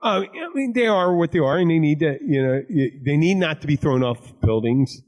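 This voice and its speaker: A man's voice: fairly high pitch, expressive, brisk, darkish tone. Bartender guy hosting a podcast, rambly, crude jokes, lots of restarts. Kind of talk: casual chat.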